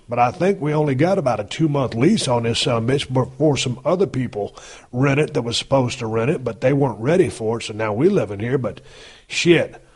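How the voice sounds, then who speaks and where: A man's voice: mid-range voice, darkish tone, breathy edge. A man in his fifties hosting a podcast, talking in a casual, blunt and heavily profane folksy monologue. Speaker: podcast host.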